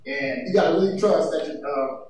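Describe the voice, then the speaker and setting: A man's voice: sits high, big pitch swings, fairly quick, darkish tone. A young man in college giving a casual, chatty youth sermon, telling personal stories and laughing now and then. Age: young adult. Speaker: youth speaker. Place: church youth room. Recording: echoey room from far off, faint noise.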